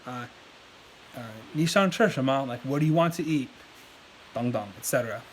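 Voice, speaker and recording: A man's voice: mid-range voice, brisk, slight background noise. A man giving a casual language lesson on camera, talking loosely with lots of fillers and restarts. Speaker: language learning video host. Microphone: desk setup, moves around in his chair.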